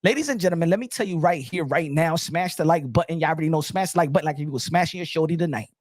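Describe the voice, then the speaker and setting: High-voiced guy ranting about boxing, loud and pushy, dry close sound. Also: rapid-fire, no room sound. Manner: switches between English and Spanish, emphatic and loud. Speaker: boxing channel host. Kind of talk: animated rant.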